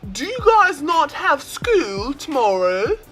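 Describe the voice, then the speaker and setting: A woman's voice: high-pitched, big pitch swings, slow pace, faint music behind, heavily acted. A young woman voicing an angry middle-aged woman scolding teenagers, with a put-on South African accent and a bossy manner. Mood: stern. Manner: bossy, yelling orders.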